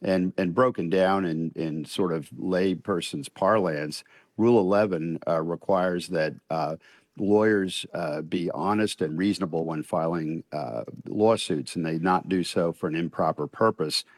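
An older man, a retired judge, answering questions in a radio news interview in a measured, deliberate way with frequent pauses. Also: deep voice, no room sound, studio quality.

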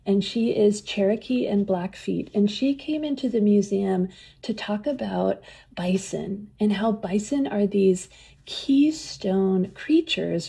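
A woman's voice: medium pitch, vocal fry, mellow, breathy edge. A woman telling enthusiastic stories as an interview guest, often laughing as she talks. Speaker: museum program leader and guest. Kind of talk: conversational interview storytelling.

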